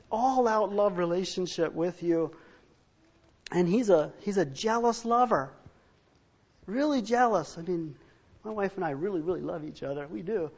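A man's voice: high voice, a little mellow, muffled recording. A man preaching a sermon as pastor, earnest and emphatic, often restarting phrases as he drives a point home.

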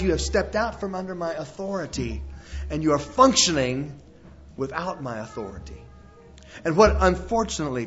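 Male preacher, folksy and emphatic, slightly high voice; muffled lo-fi church recording. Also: a bit bright. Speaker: pastor. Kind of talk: sermon. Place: church before a congregation. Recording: dull lo-fi sermon recording.

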